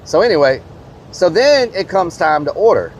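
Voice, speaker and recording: A man's voice: high voice, big pitch swings, normal speed, dull audio. A man, a streamer casually telling a rambling story to his live chat, full of fillers and mild swearing.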